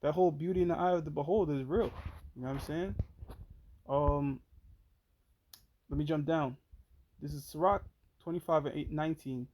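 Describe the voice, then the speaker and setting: A man's voice: fairly high pitch, moderate pace, pauses often, a little mellow, poor audio. A man hosting a show in casual, slangy commentary, often swearing and reading out court papers and scripture verses. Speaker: show host.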